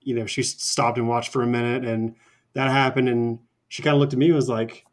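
A man's voice: medium pitch, flat delivery, brisk. A man co-hosting a casual wrestling chat, easygoing and telling stories with fillers. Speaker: podcast co-host.

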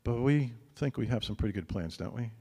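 A male pastor preaching a sermon in a relaxed, conversational way, often checking in with his listeners with a quick "right?". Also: medium pitch, breathy edge, in a large hall.

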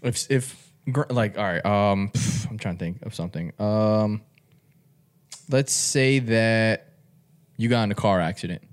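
A man's voice: fairly low pitch, measured pace. A man in casual conversation who tells stories with animation, swears freely and laughs often. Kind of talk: casual chat.

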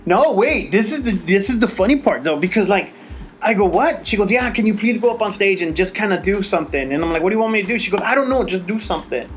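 Animated, laughing male storyteller. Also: fast talker, faint music behind. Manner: animated, acts out quotes in a higher voice; swears freely, laughs while telling stories. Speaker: podcast host. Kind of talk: casual storytelling chat.

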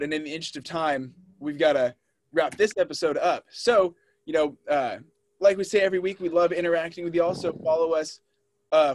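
A young man co-hosting a podcast in casual chat, telling stories and laughing easily. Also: on the high side. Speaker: podcast co-host.

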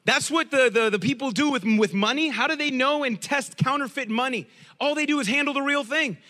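A middle-aged man preaching a lively sermon as pastor, with joking asides and key phrases said again and again. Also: very high-pitched, fairly quick, in a large hall.

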